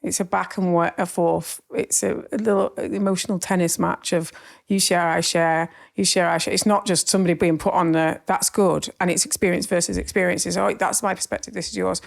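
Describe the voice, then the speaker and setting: Chatty woman with a gravelly voice. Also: lowish voice, steady tone, brisk. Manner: chatty, warm banter, laughs along. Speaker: podcast guest, business owner. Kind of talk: casual podcast chat.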